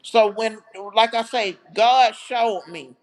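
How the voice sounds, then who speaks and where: A woman talks straight to her livestream viewers. Her voice sits a little high, and her storytelling is heartfelt and chatty, full of asides to the chat. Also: slow pace. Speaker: livestream host.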